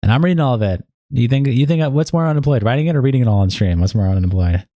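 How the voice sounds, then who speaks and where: Male streamer, rapid, dark mellow voice, blunt and profane, dry close sound. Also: medium pitch, lively intonation, no room sound. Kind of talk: live-stream commentary reading chat logs aloud.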